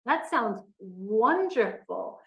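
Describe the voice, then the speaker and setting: Slow-spoken woman podcast host. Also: on the high side, sing-song, dull audio. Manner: warm encouraging affirmations. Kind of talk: interview. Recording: roomy echo.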